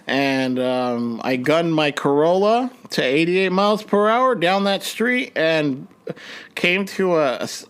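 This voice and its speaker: A young man hosting a podcast, telling a personal story in a rambling way with many restarts, his voice jumping up when he acts out his panic. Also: clear, resonant tone. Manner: rambling, frequent restarts, voice jumps high when reenacting panic. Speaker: podcast host.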